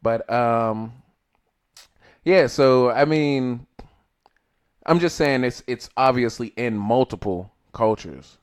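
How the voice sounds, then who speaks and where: A man's voice: mid-range voice, slow, pauses often, clear, resonant tone. A man co-hosting a podcast in casual chat, talking loosely and profanely, with frequent restarts. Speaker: podcast co-host.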